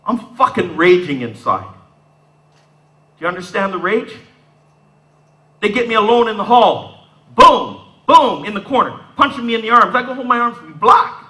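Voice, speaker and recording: A man in his fifties from Southern Ontario, telling his story to an audience in a high, bright voice that is sharp and tense. His pitch swoops and jumps all over as he acts out scenes in a streetwise way. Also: big pitch swings, normal speed, long pauses, rough recording. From Southern Ontario, Canada. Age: 50s. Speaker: speaker giving a talk. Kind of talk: storytelling talk.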